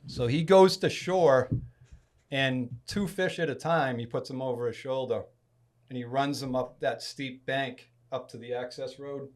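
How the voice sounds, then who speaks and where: A man from Massachusetts on a podcast, telling a long fishing story in a casual, animated way and acting out other people's lines. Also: medium pitch, measured pace. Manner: animated storyteller, acts out quoted speech with loud bursts. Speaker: podcast guest.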